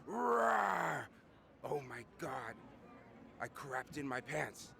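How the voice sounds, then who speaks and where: A man voicing a grumpy old British war-hero colonel who blusters and bursts into shouts, recorded outdoors on a city street. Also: medium pitch, steady tone, takes it slowly, vocal fry, noisy background. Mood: gruff storytelling.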